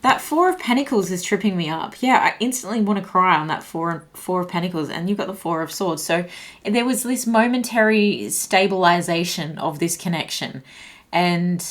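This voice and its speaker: A woman's voice: on the low side, animated, moderate pace. A woman doing an intuitive tarot reading, slightly breathless with a shaky voice, musing and searching for words as she turns the cards. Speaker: tarot reader.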